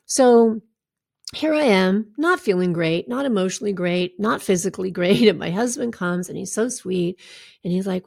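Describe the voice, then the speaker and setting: A middle-aged woman coach speaks in a casual, candid way, tossing asides to her listeners. Her voice has a gravelly edge at a mid pitch. The sound is dry and close, with no room echo. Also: moderate pace. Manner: warm, candid, conversational with asides and laughs. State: recovering from a draining treatment. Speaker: health coach. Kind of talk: casual personal talk to followers.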